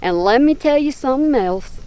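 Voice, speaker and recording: A woman's voice: high voice, lively intonation, warm tone. A woman hosting a casual commentary channel, chatting to camera outdoors and drifting off to talk to her animals. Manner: chatty, drawn-out, talks to her animals between points. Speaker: YouTube commentary host.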